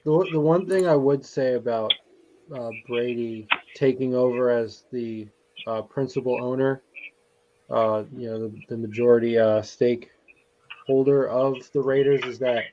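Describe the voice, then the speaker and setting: A man's voice: mid-range voice, fairly even intonation, unhurried, mellow. A man on a sports podcast panel who makes his point hesitantly, with many fillers and restarts. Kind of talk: sports talk discussion. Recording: dull lo-fi mic with clear noise.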